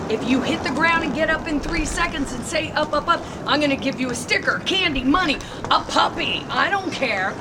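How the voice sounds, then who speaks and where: A middle-aged woman skating coach talks parents through teaching their kids, upbeat and emphatic, with chanted cheers. Her voice sits a touch high. She is a little distant from the mic, with a faint noise floor behind her. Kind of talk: instructional talk to parents. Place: roller rink.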